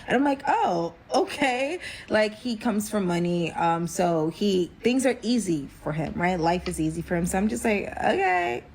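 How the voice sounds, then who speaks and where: A young woman telling a personal story in casual storytime style, full of fillers, acting out quotes with big jumps in pitch and dropping to a whisper at tense moments. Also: normal speed, hardly any pauses, a little mellow, slight background noise. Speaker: storyteller vlogger.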